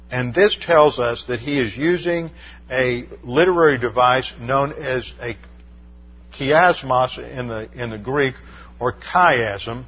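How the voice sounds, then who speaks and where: A man's voice: mid-range voice, breathy edge, dull audio. A man giving a methodical verse-by-verse Bible lesson, stopping often to explain Greek terms, with frequent "uh" fillers. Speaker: Bible teacher.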